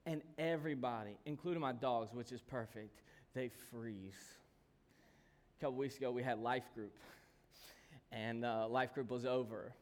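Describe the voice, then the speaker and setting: A man preaching a sermon, telling stories and swinging from calm talk to sudden shouts. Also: medium pitch, moderate pace, a little hiss or hum. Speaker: pastor. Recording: long hall reverb.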